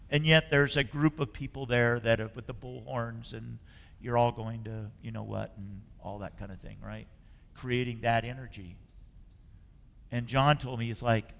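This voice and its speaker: A man in the pulpit giving a sermon with an earnest, conversational tone, often letting his phrases drop away softly. His voice sits at an ordinary male pitch. It carries through a church sanctuary with a long reverb tail. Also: fairly even intonation, normal speed, vocal fry, a little hiss or hum. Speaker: spiritual leader.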